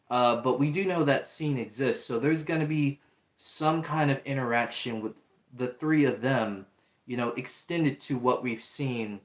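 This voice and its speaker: A man reviewing a show in casual talk, chatty, with many fillers and restarts. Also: mid-range voice. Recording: roomy echo.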